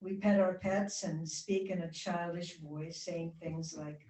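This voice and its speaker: A woman giving a spiritual talk to a congregation, guiding them gently and chatting with the audience. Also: on the low side, fairly even intonation, measured pace, far from the mic. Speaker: guest speaker. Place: church hall. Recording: roomy hall sound from off-mic.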